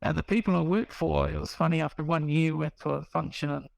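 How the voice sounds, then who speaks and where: Gravelly man telling his story. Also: fairly high pitch, fairly quick, no echo, rough recording. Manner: rambling, restarts, acts out quoted dialogue. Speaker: guest sharing recovery story. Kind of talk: casual storytelling.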